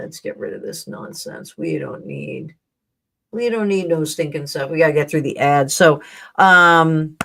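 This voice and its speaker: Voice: medium pitch, a bit bright. A co-host on a live stream who talks casually and jokes offhandedly.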